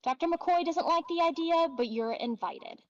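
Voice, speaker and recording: A woman reading the lines of a calm, commanding male starship captain aloud, set a little back from the microphone. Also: extremely high pitch, moderate pace, recorded from a distance, dull audio, pitched above the performer's own voice. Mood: inviting.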